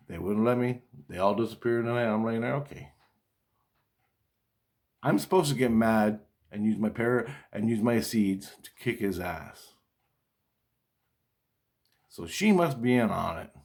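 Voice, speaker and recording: A man's voice: medium pitch, animated, measured pace. A man in a rambling personal monologue, agitated and swearing constantly as he talks. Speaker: vlogger.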